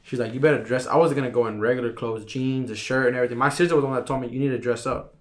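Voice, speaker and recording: A young man in his twenties telling a personal story in a casual podcast chat, relaxed and full of slang and fillers. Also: mid-range voice, racing. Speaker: podcast guest.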